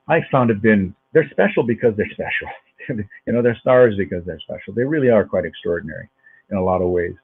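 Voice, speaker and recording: A man's voice: fairly low pitch, lively intonation, fairly quick, slightly rough. A man in his sixties, a guest actor, telling rambling anecdotes in a casual interview, often repeating words as he goes. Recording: phone-like narrow line.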